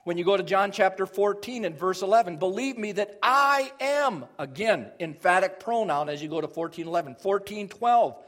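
A man's voice: high voice, a little fast, hardly any pauses. A middle-aged man preaching a sermon, explaining scripture and rising in force on key phrases. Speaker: pastor.

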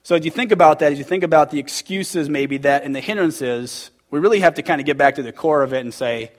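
A man with a fairly high voice speaks at a quick pace while teaching a church group, keeping the sermon conversational and interactive by quizzing the audience. As he goes on, he becomes emphatic, heated and emotional.

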